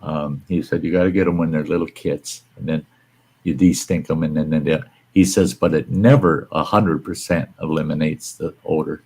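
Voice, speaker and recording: Low-voiced guy hosting a stream, just rambling about critters, folksy and a bit salty. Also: fairly even intonation, normal speed, darkish tone, slightly rough, low-quality recording. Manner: rambling, folksy storytelling with mild cursing. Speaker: live stream host. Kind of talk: casual chat.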